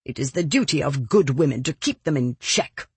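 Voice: medium pitch, very animated, unhurried, husky, dry recording. A reader putting on a haughty scolding noblewoman. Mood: grudging. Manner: scornful, scolding, emphatic. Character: haughty indignant older noblewoman. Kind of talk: audiobook character reading.

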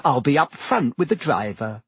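A man voicing a plump, kindly older woman selling food from a cart, gentle and reassuring. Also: medium pitch, sing-song, moderate pace, husky, no echo, exaggerated voice.

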